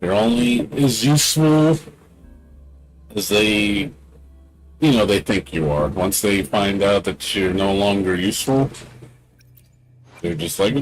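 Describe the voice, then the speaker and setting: A man's voice: on the low side, expressive, slow pace, long pauses, faint music behind, poor audio. A man streaming a game, ranting indignantly in casual talk, repeating himself with many fillers. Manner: indignant, repetitive, many "you know" fillers. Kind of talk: casual rant during a livestream.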